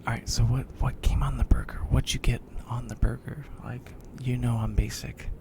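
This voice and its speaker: A man hosting a whispered ASMR live chat, talking softly with his viewers. He is a bit congested. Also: medium pitch, level tone, moderate pace, gravelly, background noise. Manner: soft whispering, chatting with viewers. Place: lying down.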